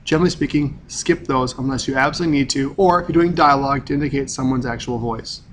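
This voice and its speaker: A man teaching a recorded grammar lesson at a middle pitch. He lays out each point in a plain, methodical order, like a classroom explanation. Faint background noise runs under his voice. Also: fast talker, a bit bright.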